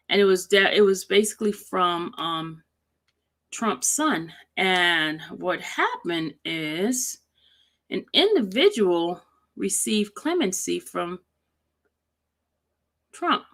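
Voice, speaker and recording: A woman chats casually on her livestream at an unhurried, drawn-out pace. Her pitch sits in a middle range. She reads slowly and warmly greets viewers by name between thoughts. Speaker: livestream host.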